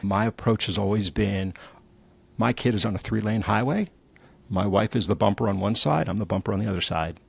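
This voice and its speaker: Middle-aged male guest, low husky rasp, lively anecdotes. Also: brisk, dry recording. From New Jersey. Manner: animated storyteller, acts out quotes. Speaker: entrepreneur guest. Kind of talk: candid conversational storytelling.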